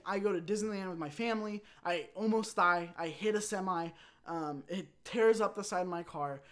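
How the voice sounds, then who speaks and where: A young man hosting his own channel, telling a rambling personal story in a casual, animated way and acting out quotes. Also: high-pitched. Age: young adult. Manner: animated, rambling, with quick restarts and acted-out quotes. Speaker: channel host.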